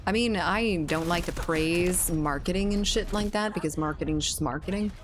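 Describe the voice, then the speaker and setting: A woman's voice: on the low side, moderate pace, background noise. A young woman streamer chatting casually and profanely during a gaming livestream, reading chat aloud.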